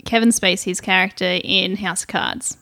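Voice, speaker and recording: A woman's voice: medium pitch, fairly even intonation, moderate pace, bright, forceful tone. A woman co-hosting a casual film-review podcast, chatty and giggly as she recaps scenes. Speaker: podcast co-host.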